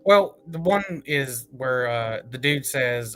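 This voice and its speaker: An excitable man hosts a casual comic review, his voice bright and forceful as he laughs and swears his way through his opinions. His pitch sits at an ordinary middle, with faint music playing underneath. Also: a little slow, hardly any pauses.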